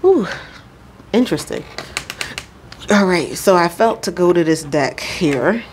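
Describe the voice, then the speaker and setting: A woman's voice: on the low side, lively intonation, noisy background. A woman giving an intuitive spiritual card reading, speaking unhurriedly and checking in with the listener. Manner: unhurried, frequent "all right?" check-ins; addresses the Holy Spirit aloud.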